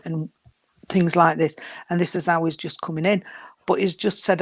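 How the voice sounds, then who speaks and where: A woman giving a spirit reading to a sitter, gentle and unhurried, often calling her sweetheart and darling. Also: on the low side, fairly even intonation, dry recording. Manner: unhurried, halting delivery. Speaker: psychic medium.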